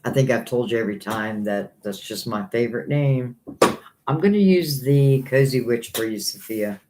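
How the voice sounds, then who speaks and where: A man's voice: mid-range voice, normal speed, background noise. A man giving psychic tarot readings on a live stream, rambling and thinking aloud, earnest and a little hurt by critics.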